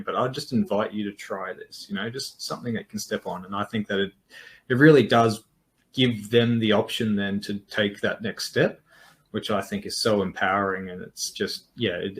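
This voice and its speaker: A man's voice: fairly low pitch, gravelly. Enthusiastic male interview host. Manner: enthusiastic, rambling questions. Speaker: podcast host. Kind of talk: interview conversation.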